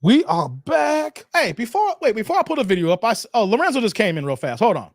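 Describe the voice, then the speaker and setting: Man, high voice, lively swings in pitch, AAVE, ranting stream host. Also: very fast, no room sound, studio quality. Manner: animated, swings between shouting and muttering, reads chat aloud. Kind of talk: ranting live-stream commentary.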